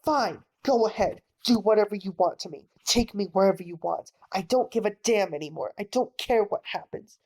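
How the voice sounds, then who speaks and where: A woman's voice: medium pitch, moderate pace, hardly any pauses, a little mellow, pitched below the performer's own voice, natural voice. A woman voicing a hot-tempered, starving father with a bitter, defiant manner, in a bedtime-story audiobook reading.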